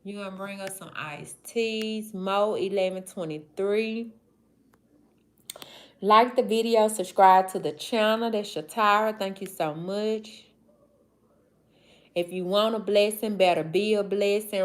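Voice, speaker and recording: A woman in her forties from the American South with a Mississippi Southern accent, hosting a casual livestream and greeting viewers by name. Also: mid-range voice. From Southern United States. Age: 40s. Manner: drawling, slow, affectionate, shout-outs to viewers. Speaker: livestream host. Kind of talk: casual livestream chat reading comments.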